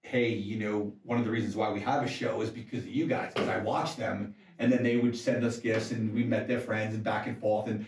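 A man hosting a podcast, telling lively, jokey anecdotes in a casual chat. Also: on the low side, brisk, few pauses, slight background noise. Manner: animated, jokey anecdote teller. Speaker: podcast host. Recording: echoey room, mic far off.

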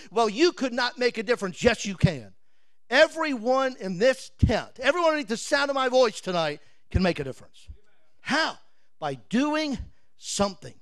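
A man preaching a sermon as a pastor in a revival tent, telling a war story with dramatic swings from a shout down to a hush. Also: very high voice, dry recording.

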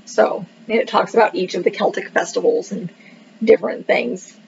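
A woman's voice: medium pitch, moderate pace, gravelly, darkish tone, a little hiss or hum. A woman casually reviewing a book, rambling with many fillers and joking that she cannot pronounce the words. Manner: self-deprecating about pronunciation. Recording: dull lo-fi recording.

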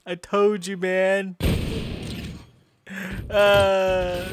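A woman's voice: medium pitch, fairly even intonation, takes it slowly, long pauses, background noise. A woman giving comedic improvised gameplay commentary, playing exasperated and tacking "man" and "bro" onto her lines.

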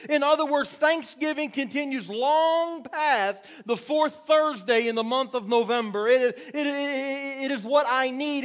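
A middle-aged male pastor preaching a sermon in church, repeating his words and building to shouts. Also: very high-pitched. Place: church sanctuary.

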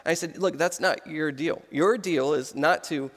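A church pastor in his thirties preaches a sermon in the auditorium, his fairly high voice carrying a big-room sound at a moderate pace. He tells animated stories and acts out the voices of the people in them.

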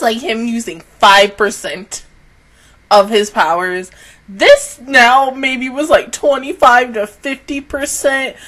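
A woman giving casual reaction commentary on an anime episode, excitable, swearing often and laughing between lines. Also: sits high.

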